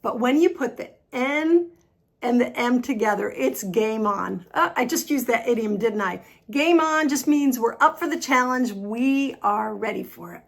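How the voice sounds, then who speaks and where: A woman with an American accent teaching an online English pronunciation lesson, patient and upbeat, demonstrating sounds slowly and repeating them. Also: a little high, lively intonation, creaky. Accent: General American.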